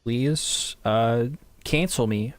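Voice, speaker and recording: A man's voice: mid-range voice, very slow, dry recording. Guy rambling over a game with dry self-mocking jokes, mid voice, dead dry close mic. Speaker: gaming YouTuber. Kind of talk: casual let's-play commentary.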